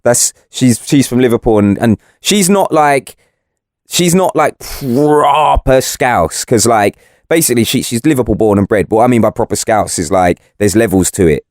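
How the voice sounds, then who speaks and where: A man co-hosting a podcast, chatting casually in a sweary, slangy, animated way. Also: on the low side, normal speed, no room sound, studio quality. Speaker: podcast co-host. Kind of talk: casual chat.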